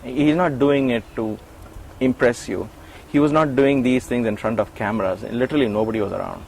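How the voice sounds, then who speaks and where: A middle-aged man shares memories in an interview, voicing the people in his story as he goes. He often restarts and repeats words, and a faint hiss sits under his medium-pitched voice. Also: fairly quick, vocal fry, low-quality recording. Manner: animated storyteller, acts out quoted lines. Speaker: interview guest, former attendant.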